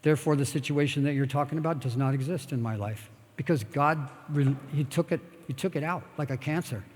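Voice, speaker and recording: An older man from the United States talks in a blunt, rambling way, swearing freely as he answers questions from a live audience. His voice sits a little high for a man. A long hall reverb trails behind every phrase. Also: fairly quick, a little mellow. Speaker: guest speaker. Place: expo talk stage in a large hall.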